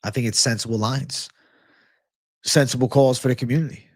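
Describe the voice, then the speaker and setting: A man's voice: medium pitch, steady tone, brisk, darkish tone, no room sound. A man hosts a live betting stream from a small room, talking casually and with plenty of hype. He swears freely and reacts aloud to his chat. His mid-range voice sounds dry and close to the mic. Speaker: livestream host giving betting picks.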